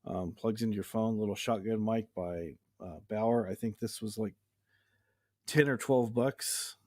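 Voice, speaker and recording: A man's voice: fairly low pitch, unhurried, warm tone. A man casually showing off his home recording gear in a rambling, easygoing way. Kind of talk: casual show-and-tell chat. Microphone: webcam.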